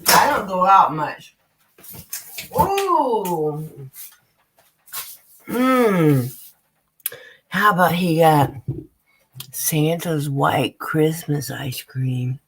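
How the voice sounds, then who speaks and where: A woman's voice: fairly low pitch, very animated, slow, pauses often, husky. An American woman chatting casually on a live stream, swearing freely and talking straight to her viewers. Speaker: vlogger.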